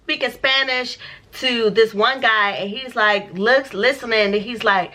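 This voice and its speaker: A woman telling a storytime vlog in a casual, profane, animated way, acting out the dialogue as she goes. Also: fairly high pitch, measured pace. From United States. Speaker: vlogger.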